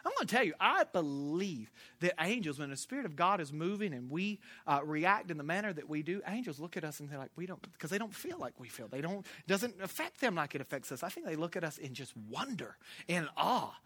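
Male preacher, animated sermon storyteller, bright and lively pitch, dry close sound. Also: a little fast, husky, no room sound. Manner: animated storytelling, swings from loud to hushed.

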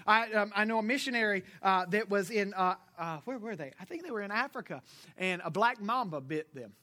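A man's voice: high voice, fairly quick, pushed and bright. A man preaching a sermon to his congregation in a church, quizzing the listeners and chuckling at his own jokes. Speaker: pastor. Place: church service before a congregation.

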